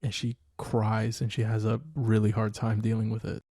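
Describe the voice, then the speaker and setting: A father and podcast co-host thinks out loud in casual chat, hedging and laughing easily. His tone is mellow and relaxed. The sound is dry and close to the mic. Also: lowish voice, normal speed, no room sound.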